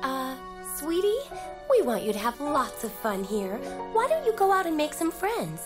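A woman's voice: high voice, big pitch swings, moderate pace. A woman voicing a fretful, doting mother with a sweet, worried way of talking. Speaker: game character. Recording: game audio over very loud music.

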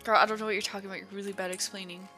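A woman's voice: medium pitch, little pitch movement, rapid-fire, pushed and bright, faint music behind. A young woman hosting a casual gaming session, teasing her friend and laughing often. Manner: giggly, teasing, bursts of laughter. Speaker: gamer and channel host.

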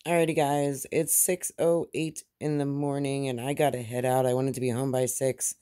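A crochet vlogger in her forties chats casually with her viewers, rambling, laughing often and filling her sentences with ums and likes. She sounds tired from being up all night. Her deep bass voice is warm, clean and level, at a moderate pace.

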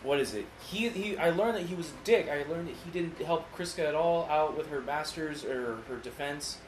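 A man's voice: fairly high pitch, normal speed. Profane, rambling male podcast co-host. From United States. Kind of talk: casual chat. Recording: roomy studio with noise.

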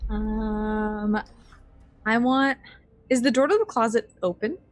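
A woman's voice: a little high, steady tone, slow pace. A woman playing a tabletop game, asking tentative questions in casual talk. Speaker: player.

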